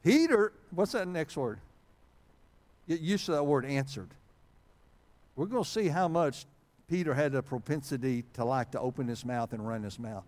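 A man's voice: a little high, animated, normal speed, darkish tone. A male pastor preaching a sermon with humor, in a conversational way, often reading old-style scripture wording aloud. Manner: conversational, frequent fillers and restarts.

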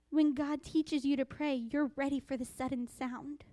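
A woman preaching a sermon, reading scripture slowly and dropping into hushed whispers for emphasis. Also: high-pitched, fairly even intonation, dry recording. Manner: quotes scripture in a slow, deliberate voice.

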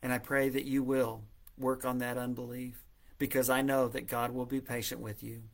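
A man reads scripture aloud in an earnest devotional reflection, giving the dialogue a lift and then settling into soft, low, pleading prayer. His voice sits at an ordinary middle pitch. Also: flat delivery, normal speed, creaky. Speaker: preacher. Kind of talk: devotional Bible reading and reflection.

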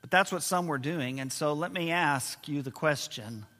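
A man preaching a sermon as pastor, slowing down to stress key words and letting his voice fall low and quiet at times. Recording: long hall reverb.

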